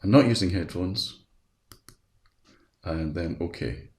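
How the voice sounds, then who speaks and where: A man presenting a webinar, chatting through a live software demonstration step by step at his computer. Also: sits low, slow. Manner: chatty, walks through steps aloud. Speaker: education specialist presenting a webinar. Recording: roomy echo.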